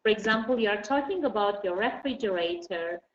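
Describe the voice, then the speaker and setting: A woman teaching an online English lesson. She explains patiently and slowly, with many fillers. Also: mid-range voice, lively intonation. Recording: dull roomy recording, faint noise.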